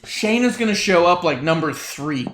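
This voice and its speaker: A man with a fairly high voice co-hosts a casual wrestling chat over drinks. He is animated and profane, and now and then he drops into silly put-on voices. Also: normal speed. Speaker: podcast co-host.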